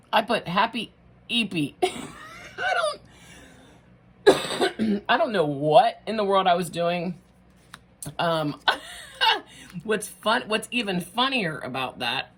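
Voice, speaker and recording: A middle-aged woman, chatting through a casual craft tutorial, bubbly and quick to laugh at herself. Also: medium pitch, slightly rough. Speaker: craft vlogger.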